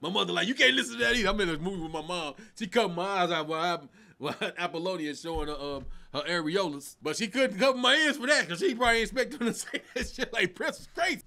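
An animated middle-aged comedian talking through his favourite songs with loose, profane energy. His voice sits high for a man and swings widely up and down. The tone is bright and forceful. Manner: animated, sings snatches of songs, laughs a lot, swears. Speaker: comedian host. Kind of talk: casual comedic countdown.

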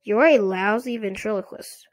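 A woman's voice: medium pitch, normal speed, lightly acted. A woman reading as an impatient, skeptical girl. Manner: impatient and snappish. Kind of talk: storybook reading.

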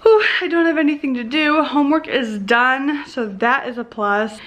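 A woman's voice: high voice, moderate pace, a bit bright. A young woman chatting casually in a home vlog, a bit out of breath and tired, sometimes cooing at dogs in baby talk. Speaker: vlogger. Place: house, indoors.

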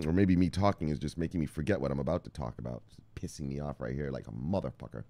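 A man hosting a casual crypto news show, swinging between loud hype and low, muttered anger, calling his viewers brothers. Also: sing-song, quick pace, gravelly, no echo. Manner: calls viewers brothers, punchy catchphrases like bang and look look.

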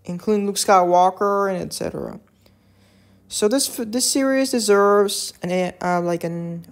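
Halting, chatty woman vlogger. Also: medium pitch, a little mellow. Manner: halting, with many restarts and self-corrections. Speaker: vlogger ranking films. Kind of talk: casual unscripted commentary.

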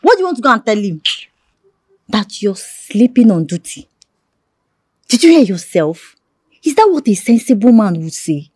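A woman's voice: mid-range voice, big pitch swings, moderate pace, pauses often, a little mellow, breathy edge, no room sound. A sarcastic scheming Nigerian woman. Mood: mocking. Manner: sarcastic, mocking. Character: scheming sharp-tongued woman of the house. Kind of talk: film acting.

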